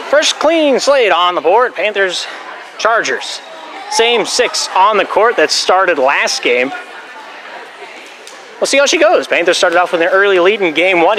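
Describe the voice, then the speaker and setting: A young man doing volleyball play-by-play in a school gym, calling the plays fast and dropping jokey, rambling asides, a bit out of breath. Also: fairly high pitch, noisy background. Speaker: play-by-play announcer. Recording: loud gym ambience.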